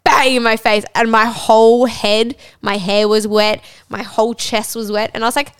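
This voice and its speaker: A woman's voice: a little high, level tone, normal speed, smooth, dry recording, studio quality. An Australian woman co-hosting a podcast in casual chat, frank and giggly, acting out what people said. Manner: frank, giggly, acts out quoted lines. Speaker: podcast co-host.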